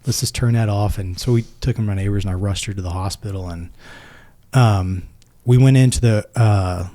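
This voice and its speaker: Mellow low-voiced man telling a story. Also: a little fast. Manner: retells events by acting out both sides of conversations. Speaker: podcast guest, military veteran. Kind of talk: personal storytelling in a podcast interview.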